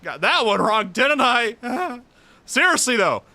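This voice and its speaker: A man voicing a small, excitable male airship engineer from a game, stammering and eager. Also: extremely high pitch, slow, voice pushed up, full character voice. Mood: sheepish.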